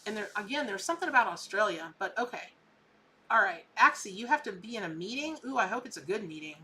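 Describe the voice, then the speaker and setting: A woman's voice: medium pitch, animated, quick pace, bright, forceful tone, a little hiss or hum. A woman, hosting a live tarot reading in a chatty, emphatic way. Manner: chatty and emphatic, repeats words for effect. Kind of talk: casual live psychic reading.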